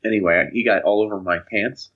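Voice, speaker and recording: A young man telling casual anecdotes on a podcast, animated and acting out the voices of people in his stories. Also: fairly low pitch, fast talker. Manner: animated, acts out voices in anecdotes, laughs often. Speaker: podcast co-host. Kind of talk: casual storytelling chat. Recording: dull lo-fi podcast audio.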